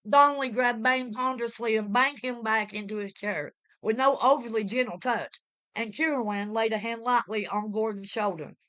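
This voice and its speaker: A woman's voice: on the high side, moderate pace, a bit bright. A woman giving a vivid, dramatic reading of a pulp horror story. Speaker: reader.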